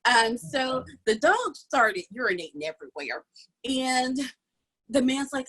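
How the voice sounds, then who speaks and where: A woman co-hosting a casual chat over a video call, telling a story with lively voiced quotes. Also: a little high, moderate pace, husky, rough recording. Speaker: co-host.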